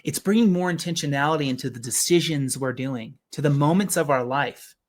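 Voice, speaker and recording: A man's voice: a little high, fairly quick, slight background noise. A man giving an earnest motivational talk as a business coach, often asking rhetorical questions.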